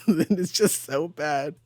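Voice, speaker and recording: A man's voice: a little high, takes it slowly, no room sound. Young male host, giggly and chatty, acts out comic dialogue, dry close-miked voice. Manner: giggly, animated, recaps with quoted dialogue. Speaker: comic book podcast host. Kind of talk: casual chat.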